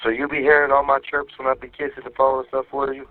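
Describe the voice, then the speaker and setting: A man's voice: medium pitch, quick pace. A man on a phone call to his wife, telling stories in a loose, profane way and acting out what other people said. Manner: profane, animated storytelling, acting out others' lines. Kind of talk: casual phone chat. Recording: tinny phone line.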